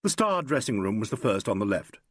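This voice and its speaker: In scripted audiobook narration, a man tells the story in a measured, expressive way. His voice is lowish, and the recording is dry and clean, with studio sound.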